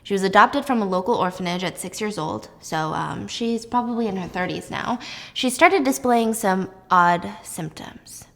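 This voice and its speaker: A woman voicing an older female professor who speaks in a measured way with small hesitations. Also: mid-range voice, gravelly, fairly bright tone, in a large hall. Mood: earnest.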